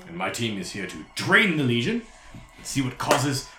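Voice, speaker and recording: A man voicing a courteous, genteel male devil on an expedition, speaking in slow, formal sentences. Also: medium pitch, huge pitch swings, echoey room, background noise. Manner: polite, drawn-out formal speech.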